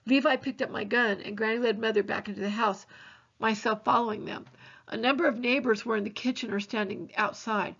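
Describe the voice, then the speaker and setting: A woman teacher reading a novel aloud in a steady, earnest way with occasional small slips. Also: a little high, a little fast, creaky. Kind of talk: novel read-aloud narration. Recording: dull lo-fi recording.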